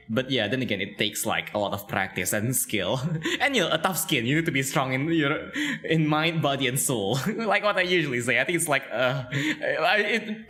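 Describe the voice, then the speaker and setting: A man's voice: medium pitch, sharp tone. A young man from Malaysia interviewing a guest in casual chat, full of fillers and frequent laughter. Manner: chatty, laughs often, many fillers. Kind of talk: casual video-call chat.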